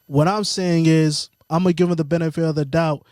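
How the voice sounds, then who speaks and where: A young man co-hosting a casual podcast, explaining things in a measured, profane way. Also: a little high, steady tone, a little mellow, dry recording, studio quality. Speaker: podcast co-host. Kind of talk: casual chat.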